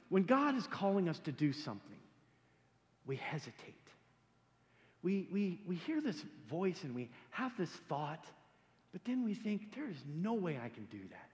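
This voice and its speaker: Animated high-pitched male preacher, echoey hall. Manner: animated, joking, repeats words when starting sentences. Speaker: pastor. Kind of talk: sermon.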